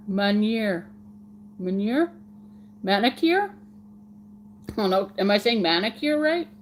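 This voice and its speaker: A woman's voice: mid-range voice, a little mellow, slight background noise. A woman hosting a casual live stream, chatting with viewers in a giggly, playful way and repeating words for fun.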